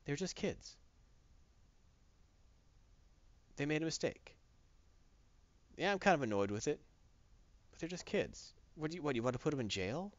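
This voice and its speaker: A man voicing a gruff, weary male strongman, speaking low and resigned. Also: sing-song, a little fast, pauses often, no echo. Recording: dull, dry lo-fi recording.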